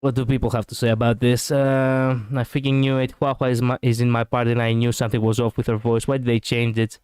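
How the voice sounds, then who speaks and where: Chatty man with a smooth, dry voice. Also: mid-range voice, flat delivery, fast talker, darkish tone, no room sound. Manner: chatty, laughs often. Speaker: streamer. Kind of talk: casual reaction commentary.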